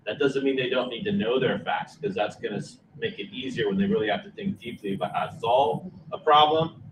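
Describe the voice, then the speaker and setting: A man presenting at a planning meeting, calmly explaining a teaching approach. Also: lowish voice, a little hiss or hum. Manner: explanatory, measured. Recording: distant mic in echoey room.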